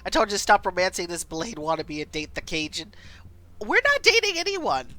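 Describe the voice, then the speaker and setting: Lively, chatty young woman streamer. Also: on the low side, moderate pace. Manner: chatty, laughs often, talks to chat. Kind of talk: live game stream reading aloud.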